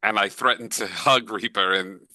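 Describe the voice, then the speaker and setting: A man's voice: fairly low pitch, fairly even intonation, sharp tone, no room sound. A man playing in a tabletop game, joking and chatting casually with the group. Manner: joking, quick to apologize. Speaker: player.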